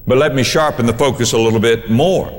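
A man's voice: medium pitch, quick pace, big-room sound. A male pastor preaching a sermon, emphatic, repeating key phrases to drive them home.

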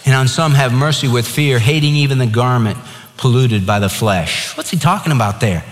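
A man's voice: mid-range voice, normal speed, big-room sound. A man preaching a sermon as pastor, emphatic and conversational, telling stories along the way.

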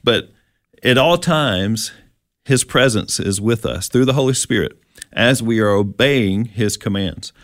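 A man's voice: mid-range voice, animated, unhurried, no room sound, clean studio sound. A man co-hosting a casual Bible teaching chat, explaining verses with plenty of fillers and restarts. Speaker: co-host.

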